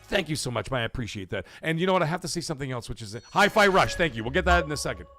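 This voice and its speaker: A man's voice: a little high, lively intonation, very fast, bright, forceful tone, faint music behind. A man hosting a casual live stream, talking animatedly, swearing freely and reading viewer messages aloud. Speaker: livestream host.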